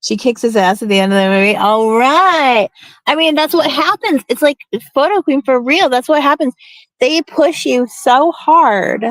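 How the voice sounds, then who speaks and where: A woman's voice: high-pitched, normal speed, fairly bright tone, dry recording, poor audio. A middle-aged woman venting casually in a rambling storytime, blunt and profane, restarting her sentences often. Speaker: vlogger.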